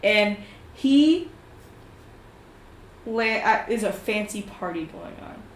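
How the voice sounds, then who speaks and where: A woman telling her character's scene in a tabletop role-play game, animated and laughing often. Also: medium pitch, slow. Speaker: player narrating her character. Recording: echoey room with faint ambience.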